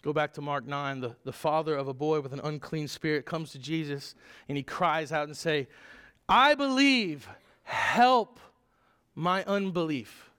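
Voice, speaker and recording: A man delivers a sermon to his congregation with a clearly high voice. He speaks in an earnest, emphatic way and now and then stumbles and restarts a word. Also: flat delivery, brisk. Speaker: pastor.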